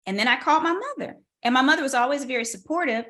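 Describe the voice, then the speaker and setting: A woman with a bright, clear voice sits for a podcast interview. She tells her story with animation, swinging her pitch widely and voicing the people she quotes. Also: lively intonation, rapid-fire. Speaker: guest, tech strategist and keynote speaker.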